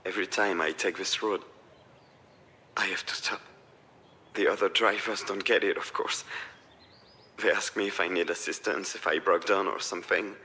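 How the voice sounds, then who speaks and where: An actor playing a weary, troubled man reaching out to his family, speaking in a subdued, husky voice for a game. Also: deep voice, steady tone, moderate pace, long pauses, sharp tone, full character voice. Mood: melancholy. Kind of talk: game voice acting.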